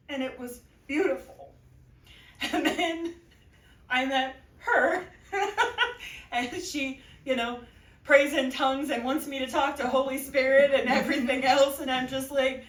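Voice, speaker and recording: Middle-aged woman, high voice, earnest church testimony, teary edges, distant echoey room mic. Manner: earnest, tearful at times, laughing between phrases. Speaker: church member giving a testimony. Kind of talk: emotional personal testimony.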